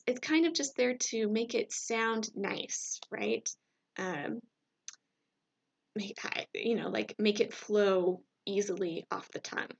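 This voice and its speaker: A woman giving a recorded classroom lecture, chatty and casual, often checking in with her listeners. Her voice sits a bit high and carries a gravelly fry. The recording sounds dull and lo-fi. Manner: conversational, many fillers and checks like "right?". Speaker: teacher.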